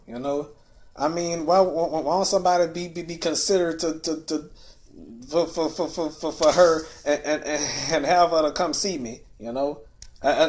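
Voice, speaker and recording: Upset, stammering New man. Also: on the high side. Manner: stammers, repeating words several times; ends phrases with a soft, trailing "you know?". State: upset and near tears. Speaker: livestreamer. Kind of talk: rambling personal livestream monologue.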